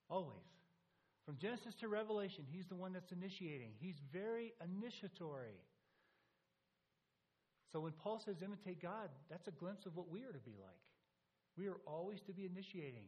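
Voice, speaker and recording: A man's voice: high voice, slightly rough, poor audio. A male pastor preaching a sermon, telling a story with emphatic repeated lines. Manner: animated storytelling with emphatic repetition.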